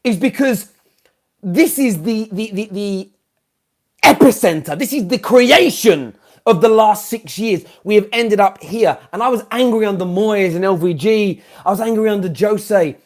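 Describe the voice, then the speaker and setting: Live on stream after a match, a British football fan channel host vents with a high voice at a slightly slow pace. His rant lurches between shouting and muttering, and he keeps repeating himself out of exasperation.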